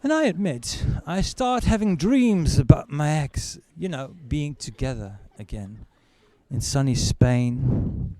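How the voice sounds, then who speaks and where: A male comedian telling a story on stage with a higher voice that swoops all over. His delivery is lively, and the sound is dry and close. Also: slow, no echo. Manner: animated, storytelling. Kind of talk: stand-up comedy.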